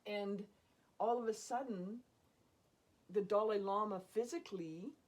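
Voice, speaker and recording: A woman casually telling a personal story in an animated way, often laughing and acting out what people said. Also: mid-range voice, a little slow. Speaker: storyteller guest.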